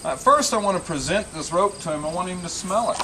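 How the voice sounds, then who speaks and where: A man working as a horse trainer, explaining each step calmly and soothing the animal with repeated praise as he works in an outdoor pen. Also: high-pitched, quick pace, far from the mic. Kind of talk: instructional commentary while working. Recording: outdoors with loud insect noise.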